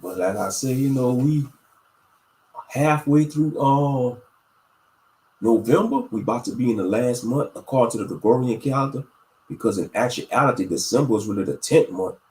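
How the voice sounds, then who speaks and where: A man's voice: mid-range voice, moderate pace, a little mellow, reverberant, rough recording. A man hosting a casual religious livestream, talking to his viewers in a meandering, preachy way with lots of fillers. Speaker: livestream host.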